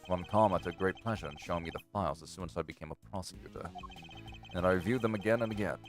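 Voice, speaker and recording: Man doing a quiet, formal prosecutor, lowish voice, soft music. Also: fast talker, lightly acted. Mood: reflective.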